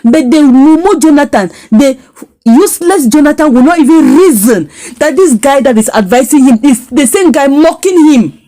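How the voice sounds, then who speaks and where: A woman retells and judges a drama series's latest episode. Her voice sits fairly high and swings widely in pitch as she presses her points with repetition. She sounds indignant and emphatic throughout. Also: lively intonation, normal speed, mellow. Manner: indignant, emphatic, repeats phrases for force. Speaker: series reviewer. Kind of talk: storytelling recap and critique.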